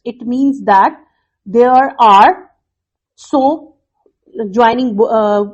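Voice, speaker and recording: A woman teacher explaining phonics to students in a recorded lesson, repeating points slowly with fillers. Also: fairly high pitch, rough recording. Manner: slow, repetitive explaining with fillers.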